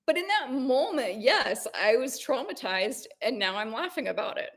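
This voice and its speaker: A woman in her forties, co-hosting a podcast, telling a personal story in casual chat with animated ups and downs. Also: high-pitched, moderate pace. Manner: animated storytelling, rising when excited. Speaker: podcast co-host.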